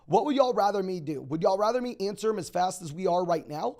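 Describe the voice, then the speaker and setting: A young man hosting a live stream, answering viewer questions in a rapid, auctioneer-like delivery. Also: high voice, animated, darkish tone. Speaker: fantasy football host.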